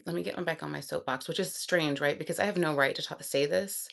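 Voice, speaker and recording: A woman vlogger chatting casually and thinking aloud, excitable and quick to laugh. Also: low-pitched, creaky.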